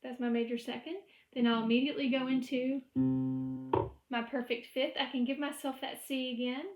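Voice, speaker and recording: A woman's voice: sits high, level tone, fairly quick. A woman music teacher giving a recorded lecture, explaining rhythm step by step and chanting the syllables. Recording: echoey room.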